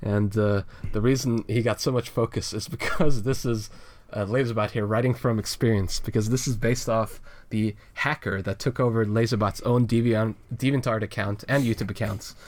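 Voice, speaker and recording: Man, lower register, casual co-host; rambly, hesitant, laughs often. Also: steady tone, normal speed, few pauses, darkish tone. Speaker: co-host reviewing a web comic. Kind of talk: casual chat.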